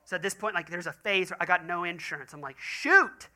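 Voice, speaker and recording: Lively bright-voiced male pastor. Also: high-pitched, fast talker. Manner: animated storytelling with quoted voices. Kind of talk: sermon.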